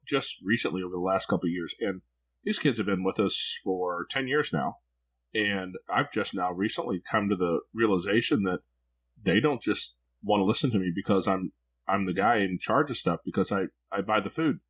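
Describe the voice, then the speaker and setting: Male podcast host, low voice, thoughtful and halting delivery. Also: fairly bright tone, rough recording. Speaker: podcast host and foster parent. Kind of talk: conversational interview.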